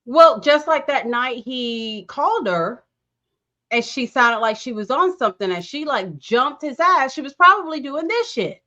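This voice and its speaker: A woman's voice: high voice, lively intonation, unhurried, sharp tone. A woman co-hosting a casual podcast, giving blunt, wry reactions to a reality TV episode. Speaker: co-host. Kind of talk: casual reality TV recap chat.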